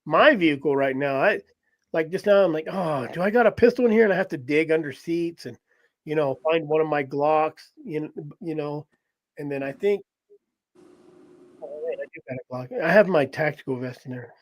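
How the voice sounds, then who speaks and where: A man's voice: fairly high pitch, normal speed. A man telling a story in casual conversation, laughing often and acting out what people said. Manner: animated, laughs often, acts out voices in quotes. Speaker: podcast host telling a story.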